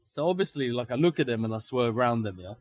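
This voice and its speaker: A man, co-hosting a podcast and animatedly telling a story outdoors, swearing freely and acting out shouted lines. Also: medium pitch, quick pace. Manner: animated, swears a lot, acts out shouted quotes. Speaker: podcast co-host. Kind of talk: casual storytelling. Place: outdoors on location.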